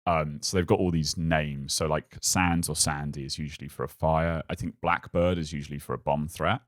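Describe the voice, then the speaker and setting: A man's voice: rumbling low, moderate pace. A man, a podcast guest, telling a funny story in casual chat. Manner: animated, acts out shouted quotes.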